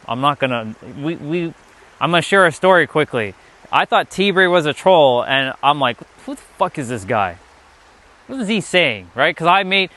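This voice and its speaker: Young guy streaming a casual spiritual lesson, kinda high-pitched, keeps restarting sentences. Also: bright, forceful tone. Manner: rambling, restarts sentences often. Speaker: spiritual teacher and live streamer. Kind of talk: casual live-stream talk.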